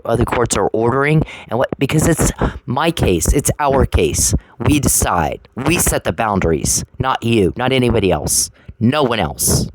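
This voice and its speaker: A woman's voice: very deep voice, no echo, low-quality recording. A woman ranting straight at an adversary in a confrontational, sarcastic, profane way, often repeating herself. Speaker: vlogger addressing an adversary. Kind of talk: angry direct-to-camera rant.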